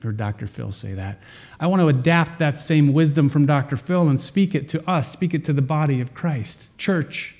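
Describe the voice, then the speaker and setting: Male pastor preaching, earnest, warm low-bright timbre, rises and drops for emphasis. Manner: earnest preaching with dramatic pauses and shifts in volume. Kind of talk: sermon.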